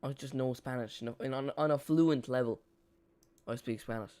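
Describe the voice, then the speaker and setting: A man's voice: medium pitch, moderate pace, darkish tone, clear, resonant tone. A young man, hosting a live football watch-along in a chatty, self-mocking way. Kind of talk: casual live match commentary.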